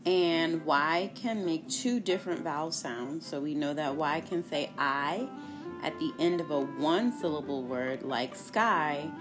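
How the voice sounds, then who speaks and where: Female teacher, low-pitched and bright, slow deliberate phonics delivery with faint music under it. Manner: slow, clearly enunciated, repeats words for kids to echo. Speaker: literacy teacher. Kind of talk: phonics lesson for children.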